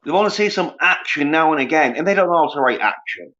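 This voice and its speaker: A man's voice: fairly high pitch, lively intonation, quick pace, pushed and bright. A man, ranting scornfully and profanely on a casual livestream while reading viewers' comments. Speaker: livestream host. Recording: dull lo-fi sound.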